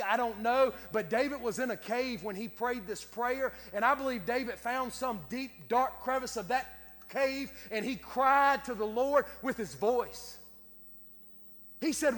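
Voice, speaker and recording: A man preaching a sermon in an impassioned way, often rising to loud cries. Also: very high voice, big-room sound.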